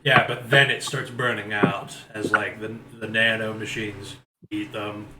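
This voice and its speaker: A man's voice: fairly low pitch, flat delivery, a little slow, a crowd in the background, rough recording. A man playing a tabletop game online, talking hesitantly with lots of fillers and restarts. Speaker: player. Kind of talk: casual tabletop role-play. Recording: audible background noise.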